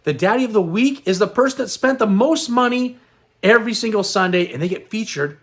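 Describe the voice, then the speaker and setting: A man's voice: sits high, a little fast, fairly bright tone. A middle-aged man hosting a casual vlog, upbeat and rambling, sounding tired and a little worn. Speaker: host.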